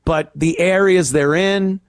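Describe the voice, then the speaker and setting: A man's voice: high voice, fairly even intonation, takes it slowly, clear, resonant tone, no room sound, studio quality. A male host ranting in a crude, profane, rambling way on a casual comedy podcast.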